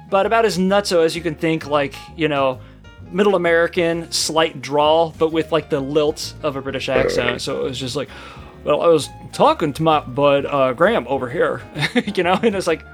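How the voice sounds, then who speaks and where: A man's voice: a little high, fairly quick, a bit bright, soft background music. A man co-hosting a comedy podcast, rambling in casual banter and laughing often. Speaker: podcast co-host.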